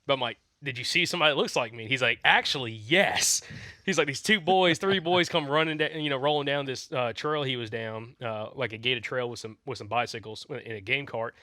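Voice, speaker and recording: A man co-hosting a podcast, joking and laughing as he tells a story. His voice is bright and forward, heard close up in a dry recording. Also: medium pitch, fairly even intonation, fast, hardly any pauses, no echo. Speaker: podcast co-host. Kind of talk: casual chat.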